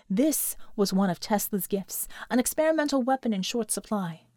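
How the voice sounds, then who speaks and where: A woman reading an action story aloud as narrator, steady and measured. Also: fairly high pitch, no room sound, studio quality. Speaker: audiobook narrator. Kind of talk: scripted narration.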